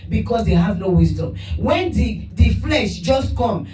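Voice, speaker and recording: Lady preaching a lively sermon, mellow voice, roomy echo, kinda far from the mic. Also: on the high side, unhurried. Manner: animated preaching with laughs and quoted voices. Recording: echoey room from far off with music.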